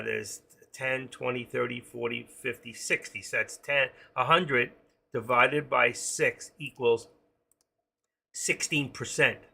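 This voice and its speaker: A man's voice: mid-range voice, creaky, sharp tone, husky. A middle-aged man, talking through his trades on a live stream. He thinks aloud and rambles, joking as he goes. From New York. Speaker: day-trading live streamer.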